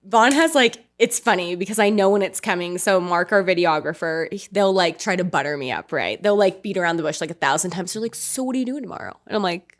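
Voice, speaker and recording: A woman's voice: fairly low pitch, lively intonation, a little fast, few pauses. A woman chatting as a podcast guest, telling swearing, joking stories and acting out quotes. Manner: swearing, joking storyteller who acts out quotes. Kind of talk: casual chat.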